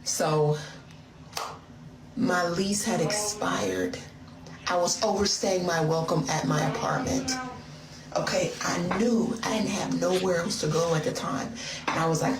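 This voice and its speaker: A woman with a fairly low-pitched voice tells a personal story in a chatty, playful, confessional way, speaking straight to her listener. She talks a little slowly with long pauses, and the phone audio is roomy, distant, and noisy.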